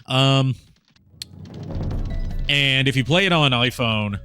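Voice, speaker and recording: Bright-voiced rambling male streamer. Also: mid-range voice, slow pace, soft background music. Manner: chatty, rambling, laughs often. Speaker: streamer host. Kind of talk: casual chat while streaming a game.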